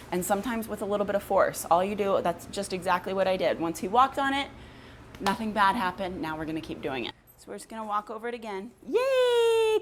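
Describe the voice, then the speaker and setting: Woman dog trainer explaining commands plainly. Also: slight background noise. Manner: explains plainly, then switches to a high, gushing praise voice for the dog. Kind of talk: instructional dog training vlog.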